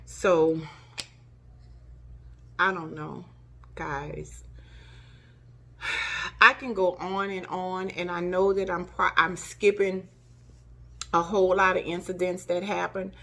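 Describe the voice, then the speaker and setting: A woman's voice: fairly low pitch, little pitch movement, slow, pauses often, bright, forceful tone. A middle-aged woman tells a personal story to camera, emotional, acting out gasps and cries as she recalls them. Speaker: vlogger.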